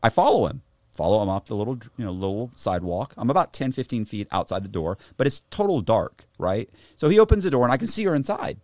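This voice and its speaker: A young man with a low voice tells a story in loose, slangy talk, his pitch swinging widely as he goes. His voice sounds dry and close, with no room echo. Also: quick pace. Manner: animated, slangy, swears and says bro. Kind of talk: casual storytelling chat.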